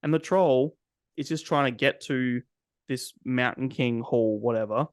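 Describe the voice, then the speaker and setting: A man's voice: medium pitch, unhurried, dry recording, clean studio sound. A man co-hosting a casual movie podcast, ranting at length with frequent swearing. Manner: ranting, profane, animated. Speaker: podcast co-host. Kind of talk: casual chat.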